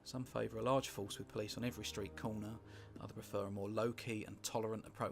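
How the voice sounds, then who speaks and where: Gravelly British man musing over a game. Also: fairly low pitch, fairly even intonation, quick pace, few pauses. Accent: British English. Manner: rambling, wry, sweary asides, musing aloud. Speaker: gameplay commentator. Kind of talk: casual let's-play commentary. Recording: music playing underneath.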